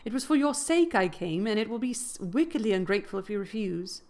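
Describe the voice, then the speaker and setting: A woman reading aloud, voicing a passionate, defiant teenage girl in a raised, higher, insistent voice. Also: expressive, brisk, a little mellow, natural voice. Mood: pleading.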